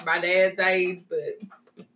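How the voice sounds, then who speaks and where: A woman's voice: on the low side, flat delivery, very slow, a bit bright, a little hiss or hum. A young woman answering trivia in casual chat, joking and playful. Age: young adult. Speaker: guest. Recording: echoey room with faint ambience.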